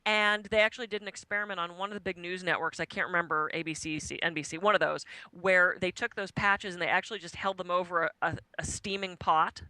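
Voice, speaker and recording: A woman being interviewed as a guest author, talking in an animated, chatty way and laughing often. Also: on the low side, fast, few pauses, no echo, low-quality recording. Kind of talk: radio interview.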